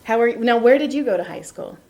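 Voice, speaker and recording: A woman's voice: a little high, fast talker, lo-fi sound. A middle-aged woman hosting a podcast in a basement while giving a massage, chatting casually and telling stories with frequent laughter. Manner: laughing often, animated storyteller. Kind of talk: casual chat.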